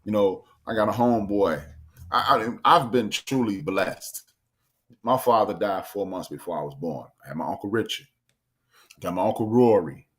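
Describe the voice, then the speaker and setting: Low-voiced man telling a story. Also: moderate pace. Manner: storytelling, animated, acts out quotes. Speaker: podcast co-host. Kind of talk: casual chat.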